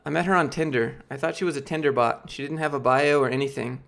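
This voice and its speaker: A man's voice: mid-range voice, fast talker, gravelly, fairly bright tone. A man in his late twenties, losing his voice, rambling casually as he answers questions from his live-stream chat. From Georgia, US. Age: late 20s. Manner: rambling, filler-heavy, restarts often.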